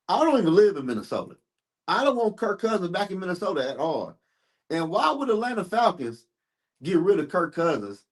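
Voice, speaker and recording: A man hosting a live sports stream, ranting heatedly and profanely while answering his chat. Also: on the high side.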